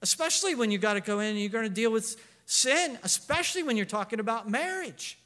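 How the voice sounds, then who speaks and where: A middle-aged man preaching a sermon as pastor, animated and storytelling, with frequent restarts. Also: sits high, fast. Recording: long hall reverb.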